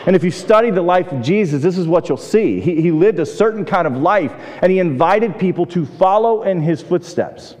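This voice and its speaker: A man's voice: sits high, animated, moderate pace, few pauses, darkish tone. A man preaching a sermon in a church, talking with the congregation and acting out the voices in his stories. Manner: conversational, asks the congregation questions; acts out quoted voices in the stories. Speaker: pastor. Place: church sanctuary. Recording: long reverb of a large hall.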